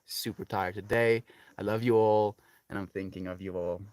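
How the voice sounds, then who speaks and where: A South African man livestreaming from his farm garden, reading out viewer comments in relaxed, rambling casual chat. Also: fairly low pitch, normal speed, no room sound, clean studio sound. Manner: relaxed, chatty, many fillers like "like" and "you know". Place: home on a farm, outdoors in a garden.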